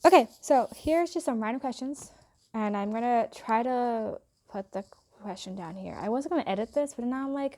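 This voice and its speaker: A woman's voice: fairly high pitch, lively intonation, a little slow, darkish tone. A young woman, born in India and raised in England and the US, talks in a chatty, playful way with joking asides. She speaks with an American accent that shows slight British traces, in a casual get-to-know-me vlog. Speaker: YouTuber.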